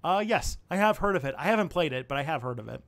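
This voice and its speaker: A man's voice: fairly high pitch, animated, fast, fairly bright tone. A young man hosting a casual livestream, answering viewer questions in a rambling way, thinking aloud with fillers and restarts.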